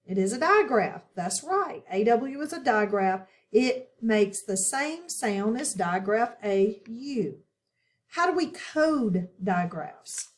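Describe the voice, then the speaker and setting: Woman, phonics teacher, slow and patient, slightly high voice, frequent check-ins. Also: big pitch swings, echoey room. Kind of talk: online phonics lesson.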